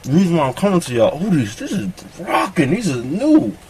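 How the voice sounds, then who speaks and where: A man delivers a crude comic monologue in a somewhat high voice, boastful and full of profanity as the story rambles along. Faint noise hums under the recording. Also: wildly swooping pitch, brisk, darkish tone.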